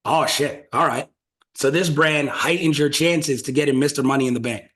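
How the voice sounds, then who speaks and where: A man hosting a casual podcast, talking loosely and profanely as he brainstorms out loud. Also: on the high side, normal speed. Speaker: podcast host.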